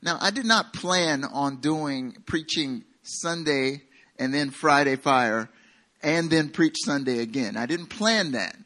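His voice sits on the high side, slow and sharp-toned, as this Southern American pastor preaches. He talks casually with the people in the pews, poking fun at himself and slipping in a joke.

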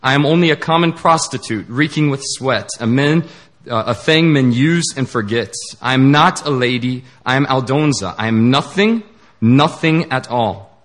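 A man's voice: medium pitch, normal speed, lightly acted. A man voicing a bitter, self-hating young woman outcast with sarcastic, anguished outbursts.

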